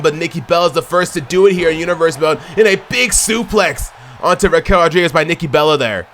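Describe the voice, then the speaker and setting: A man giving excitable play-by-play commentary on a wrestling video game, chatting to viewers and shouting at near-falls. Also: fairly high pitch, fairly quick, a little hiss or hum. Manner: chatty, addresses viewers as y'all.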